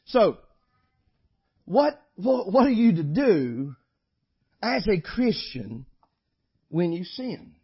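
A man preaching a sermon, shifting from loud exhortation to quiet storytelling. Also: high-pitched, very animated, extremely slow, long pauses, slightly rough, muffled recording. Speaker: pastor.

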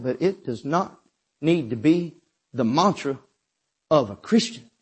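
Emphatic husky-voiced Southern preacher man. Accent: Southern US, South Georgia. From South Georgia, US. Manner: emphatic, rising to shouts then dropping low. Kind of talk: sermon.

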